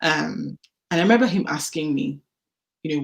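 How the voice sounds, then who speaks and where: A woman telling her personal story as a podcast guest, candid and animated, acting out the dialogue she recalls. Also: sits low, normal speed, gravelly, pauses often. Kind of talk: personal testimony in a podcast interview.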